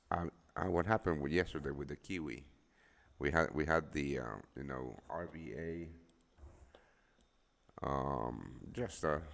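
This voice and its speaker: A man's voice: a bass voice, vocal fry, long reverb tail. A man on a casual live stream, just woken up, rambling and swearing freely with lots of fillers. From El Salvador. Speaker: forex trading streamer.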